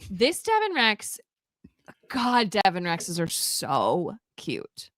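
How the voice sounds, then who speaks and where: Animated woman recapping a movie, dry close mic. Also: medium pitch, takes it slowly, no room sound. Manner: animated storytelling, acts out character quotes, frequent laughs and fillers. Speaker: podcast co-host. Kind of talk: casual movie recap chat.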